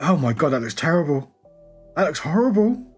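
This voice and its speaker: A man's voice: on the high side, brisk, slightly rough, soft background music. Giggly man streaming live. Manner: giggly and excitable, keeps breaking into laughter. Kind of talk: casual live stream chat.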